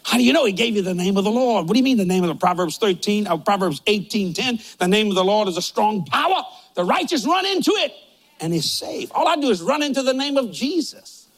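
A man's voice: high-pitched, lively intonation, brisk. An older man preaching a humorous sermon in a folksy, joking, storytelling way.

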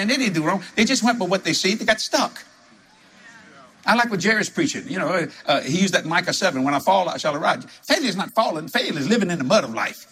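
A man from New preaching a sermon full of stories, animated and laughing as he talks, jumping to high exclamations. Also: fast talker, a little hiss or hum. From New Orleans.

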